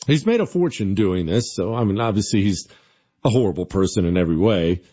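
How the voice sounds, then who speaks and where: A man's voice: on the low side, lively intonation, fairly quick, warm tone, breathy edge, muffled recording. A man hosting a talk radio show, delivering an opinionated, sarcastic monologue. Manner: sarcastic, mocking.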